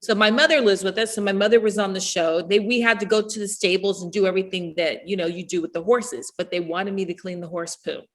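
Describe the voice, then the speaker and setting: Husky, laughing middle-aged woman. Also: mid-range voice, fast, hardly any pauses. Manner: animated, laughing often, acting out quotes. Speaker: podcast guest. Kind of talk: casual storytelling chat.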